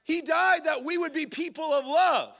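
High, bright-voiced animated preacher, a man. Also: moderate pace. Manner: animated preacher, acts out little scenes, shouts for emphasis. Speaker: pastor. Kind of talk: sermon.

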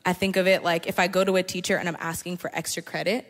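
A woman's voice: fairly low pitch, little pitch movement. A woman on a panel giving casual encouragement about faith in a playful, chatty way. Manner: playful and chatty, quick to laugh. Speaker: panel guest. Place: large hall at a live church gathering. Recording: long hall reverb.

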